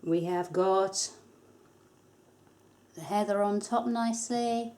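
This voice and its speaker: A woman narrates a hands-on craft tutorial as its host. She sounds casual and chatty, with light self-deprecating humour. Her voice sits at an ordinary middle pitch. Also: slow pace, a little mellow. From England. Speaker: soap maker, tutorial host.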